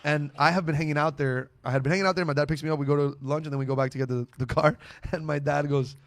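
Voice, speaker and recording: Gravelly young comedian telling stories. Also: male voice, a little high, fast, no echo, studio quality. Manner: animated storyteller, laughs often. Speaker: comedian guest. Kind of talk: casual podcast storytelling.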